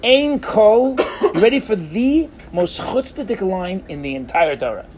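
A man giving a lively Torah class, animated, acting out characters and mixing in Hebrew phrases. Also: sits high, unhurried, a little hiss or hum. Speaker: Torah teacher.

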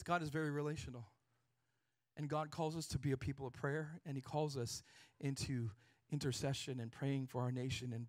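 A man preaching a sermon as pastor, building to shouted peaks and acting out quoted voices. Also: medium pitch.

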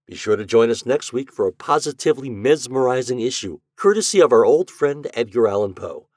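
A man's voice: mid-range voice, lively intonation, fairly quick, a little mellow, dry recording, studio quality. A man hosting a podcast, delivering a cheerful, chatty scripted sign-off. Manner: upbeat, chatty. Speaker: podcast host.

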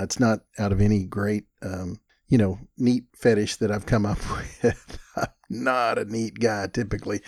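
An older man with a drawl spins casual, rambling stories and laughs softly at his own jokes. His voice sits at an ordinary pitch and sounds dry and close, with no room around it. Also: no echo. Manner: folksy, chuckling, rambling anecdotes. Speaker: podcast host. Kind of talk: casual storytelling monologue.

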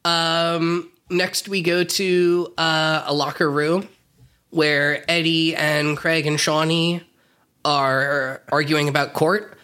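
A man's voice: fairly high pitch, level tone, takes it slowly, sharp tone, smooth. A young man co-hosting a casual podcast, recapping the plot with wry asides. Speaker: podcast co-host. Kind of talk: casual comedic podcast chat.

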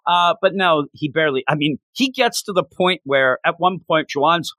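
A man with a slightly high voice talks casually as a co-host, retelling a story with feeling and acting out the characters' lines. The recording is dry and close, with no room sound. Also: moderate pace, bright, forceful tone, no echo. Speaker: podcast co-host recapping a game. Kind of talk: casual chat.

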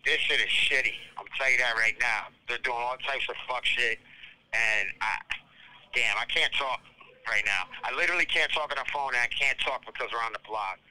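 Bright-voiced slangy man calling in. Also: mid-range voice, a little fast, a little hiss or hum, rough recording. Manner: laid-back, slangy, swears freely. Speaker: caller phoning in. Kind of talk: casual phone chat.

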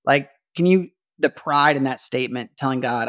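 A man's voice: mid-range voice, normal speed, fairly bright tone. A man hosting a podcast, talking through a Bible passage in a casual, chatty way, with frequent "like" fillers and restarts. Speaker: podcast host. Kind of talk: casual Bible-study monologue.

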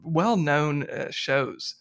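Higher-voiced male interviewer. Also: drawn-out words, a bit bright. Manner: friendly questioning, chuckles between questions. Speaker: interview host. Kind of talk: casual interview.

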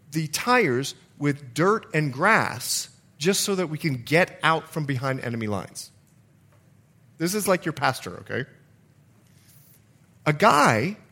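A male pastor giving an evening church sermon, telling a personal story with animated delivery and bursts of loud exclamations. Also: fairly high pitch.

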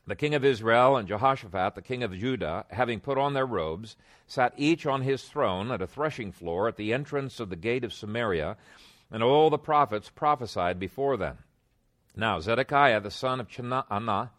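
A man's voice: medium pitch, expressive, moderate pace, a bit bright. Brief: male pastor in a sermon, reads scripture and comments between the verses. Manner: reads aloud, breaks off to explain.

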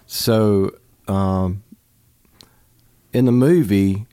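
A man in a casual talk retells a story in a low, steady voice. His earnest tone keeps turning it into a lesson about faith. The sound is dry and close, with no room around it. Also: very slow, clean tone, no room sound. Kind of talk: casual church podcast chat.

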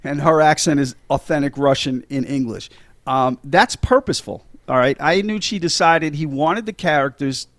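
A man's voice: fairly high pitch, moderate pace, no room sound. A middle-aged man hosting a casual movie podcast, chatty and enthusiastic, with many fillers and restarts. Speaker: podcast host.

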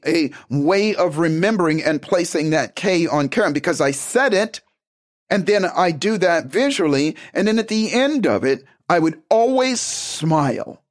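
A man giving a motivational self-help talk, emphatic and animated, acting out little conversations as he goes. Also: high-pitched, moderate pace.

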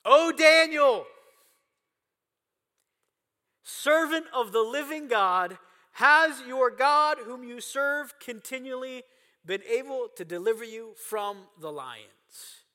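A man voicing an anguished king who cries out loudly and pleadingly, in a long-reverb church hall. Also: very high voice, expressive, voice pushed up, exaggerated voice. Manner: loud, pleading, drawn-out cry. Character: anguished king crying out to a prisoner. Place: church sanctuary.

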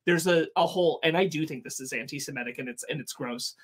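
A man with a slightly high voice, speaking his mind on a podcast. He talks earnestly and bluntly, working out his thoughts aloud with fillers and a curse here and there. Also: fast talker. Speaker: podcast co-host. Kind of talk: casual podcast chat.

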